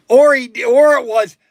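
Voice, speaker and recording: A middle-aged man with a high-pitched voice rambles through a casual livestream chat. He tells folksy stories with plenty of fillers and false starts. The sound is dry and close. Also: creaky, dry recording. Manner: folksy storytelling with many fillers and restarts. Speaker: livestream host. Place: warehouse.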